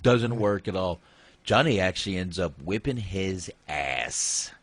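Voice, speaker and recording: A man's voice: deep voice, expressive, a little slow, fairly bright tone, no echo. A man hosting a casual movie review podcast, retelling scenes in a rambling, profane way. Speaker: podcast host.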